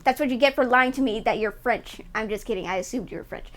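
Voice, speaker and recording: A woman's voice: fairly high pitch, fast talker, a bit bright, slight background noise. A woman streamer chatting casually and teasing her viewers while reacting to a video, laughing often. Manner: playful, giggly, teasing.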